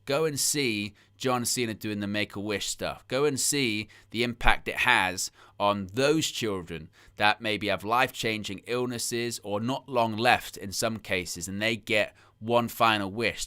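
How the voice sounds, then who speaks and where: Bright, crisp-voiced man, passionate live host. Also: fairly low pitch. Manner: passionate and emphatic, repeats phrases for effect; reads out and answers viewer chat comments. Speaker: host of a live wrestling watch-along stream. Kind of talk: casual live-stream chat.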